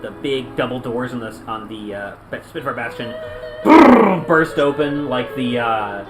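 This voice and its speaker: A man narrating a tabletop game as game master, telling the story with animated flair and sudden loud yells. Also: medium pitch, moderate pace, poor audio. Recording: music playing underneath.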